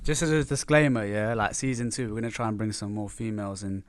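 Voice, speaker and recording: A young man co-hosts a casual discussion. He talks quickly and keeps asking questions, and his voice sounds dry and close. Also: lowish voice, no room sound. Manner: talks things through, asks questions, often adds "you know what I mean". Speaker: podcast co-host. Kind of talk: casual chat.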